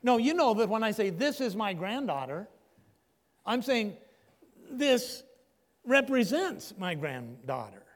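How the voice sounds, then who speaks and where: Older preacher with a lively high voice. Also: male voice. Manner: emphatic preaching with dramatic pauses. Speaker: pastor. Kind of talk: sermon. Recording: long echo of a large hall.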